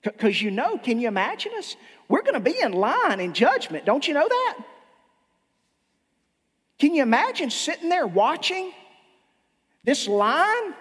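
A man's voice: very high voice, huge pitch swings, unhurried, long pauses, a bit bright. A male pastor preaching a sermon, impassioned and emphatic, stumbling over repeated restarts, heard in a church with long reverb.

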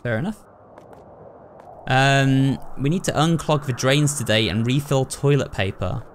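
A man's voice: mid-range voice, unhurried, slight background noise. A young man commenting on a horror game playthrough, thinking aloud and talking to his viewers. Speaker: gaming YouTuber. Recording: clear game ambience behind the voice. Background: horror game sounds.

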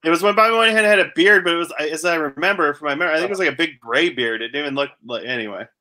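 Male co-host, bright, forward tone, slightly high pitch, quick and joking. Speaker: podcast co-host. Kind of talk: casual chat.

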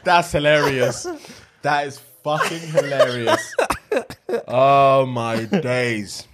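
A man's voice: medium pitch, steady tone, slow, heavy background noise. A young man co-hosting a podcast, chatting playfully and laughing often. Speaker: podcast co-host. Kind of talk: casual chat.

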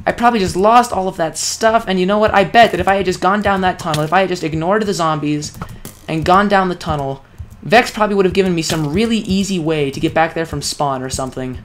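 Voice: mid-range voice, quick pace, slight background noise. A young adult talking through a solo video game session, often exasperated and calling themselves an idiot. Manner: self-critical, exasperated talk to self. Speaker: let's play creator. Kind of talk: solo gameplay commentary.

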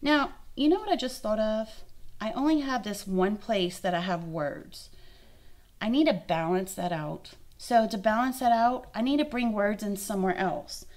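A woman's voice: mid-range voice, moderate pace, a little mellow. A young woman, an art instructor giving a friendly, encouraging lesson and thinking aloud as she works. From Louisiana. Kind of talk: kids' art lesson demonstration.

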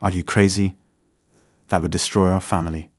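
A man's voice: low voice, little pitch movement, normal speed, no echo, clean studio sound. A man voicing a frightened young woman who speaks in an anxious, pleading way.

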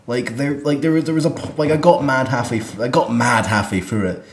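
A man's voice: medium pitch, fairly quick. A man chatting about films as a co-host, rambling with lots of fillers and laughing often. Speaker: film club co-host. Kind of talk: casual film chat. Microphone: single microphone in front of a camera. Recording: roomy echo.

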